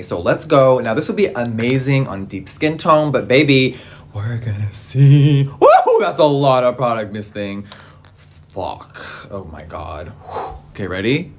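Sassy, campy man with a lively voice. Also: medium pitch, normal speed. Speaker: makeup reviewer. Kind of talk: casual makeup review vlog.

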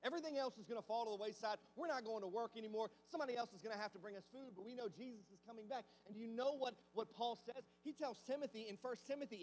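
A man's voice: very high-pitched, fast talker, few pauses, a little mellow, in a large hall, a little hiss or hum. A man preaching a sermon as pastor, talking conversationally and asking the congregation many rhetorical questions. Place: church sanctuary.

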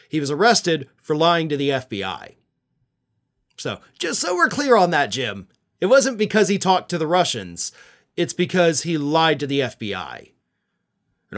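Indignant, lively male political commentator. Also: fairly high pitch, moderate pace. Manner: indignant, sarcastic, scornful.

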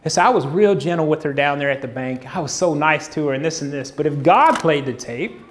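A man's voice: fairly high pitch, animated, fairly quick. A man preaching a conversational sermon, acting out quoted voices as he goes.

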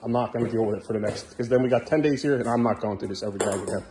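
Exasperated dad scolding at home. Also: male voice, lowish voice, very fast, noisy background. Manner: exasperated, scolding, loud and sharp at times. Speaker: father. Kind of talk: family home vlog.

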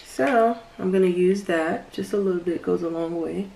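A woman's voice: on the low side, normal speed, gravelly, dark tone, slight background noise. A woman talking casually through a makeup tutorial in a chatty vlog, sometimes dropping to a whisper. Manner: chatty, drops to whispers at times. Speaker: beauty vlogger.

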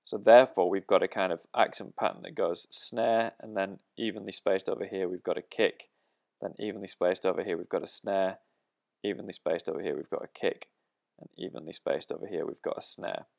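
Deep-voiced man explaining drum patterns. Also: steady tone, a little fast, gravelly, darkish tone. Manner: methodical, counting beats aloud. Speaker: drum teacher.

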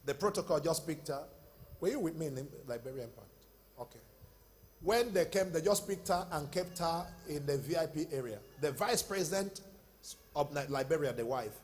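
A man preaching a sermon as pastor, swinging between loud shouted bursts and quieter, slower passages. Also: fairly high pitch, a little hiss or hum.

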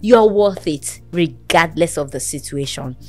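A woman's voice: low voice, animated, unhurried, mellow, soft background music. A woman hosting a talk show, earnestly counselling and encouraging a guest in a motherly, preaching way.

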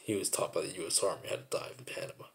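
A man's voice: low-pitched, fairly even intonation, very fast, vocal fry, a bit bright. A man telling a personal story in a rambling, repetitive, reflective monologue.

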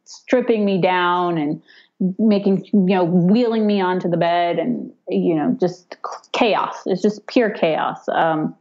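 A woman in her thirties tells a personal story in a relaxed, chatty way. Her voice sits a little low, and she often breaks into lively quoted voices. The audio sounds dull and lo-fi. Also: slow pace. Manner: animated, acts out quoted voices with raised pitch, frequent fillers and laughs. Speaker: podcast guest telling her birth story. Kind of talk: casual storytelling.

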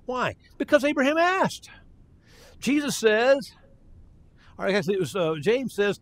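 A man's voice: high-pitched, expressive, normal speed, no room sound. An older man preaching a sermon in a folksy, conversational way, often restarting his sentences.

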